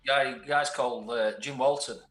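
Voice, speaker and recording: A man co-presenting local radio, chipping in with quick asides and shout-outs in casual chat. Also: mid-range voice, steady tone, faint music behind. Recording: roomy studio sound.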